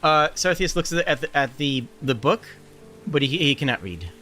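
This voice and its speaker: Man, game master, bright tense voice, halting delivery, faint music behind. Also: mid-range voice, very animated. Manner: hesitant, halting narration with many fillers. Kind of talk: narrating a tabletop game.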